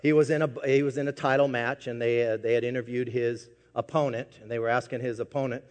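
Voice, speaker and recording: A man preaching a sermon as pastor, swinging from quiet asides to loud emphatic peaks. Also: mid-range voice, fairly even intonation, quick pace, long reverb tail.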